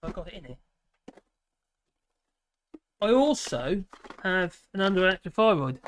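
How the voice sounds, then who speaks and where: A man's voice: high-pitched, expressive, measured pace, a bit bright. A man from the UK hosting a live stream, chatting in a rambling way and reading viewer comments, tired and often laughing. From United Kingdom.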